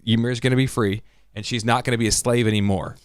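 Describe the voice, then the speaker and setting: A man's voice: medium pitch, steady tone, fast, clean tone, no room sound, studio quality. A man co-hosting a casual podcast chat, theorizing at length with frequent restarts. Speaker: podcast co-host.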